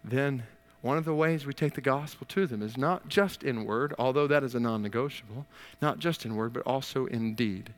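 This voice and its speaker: A man's voice: mid-range voice, moderate pace, in a large hall. A man preaching a sermon as pastor, stressing and repeating his key phrases.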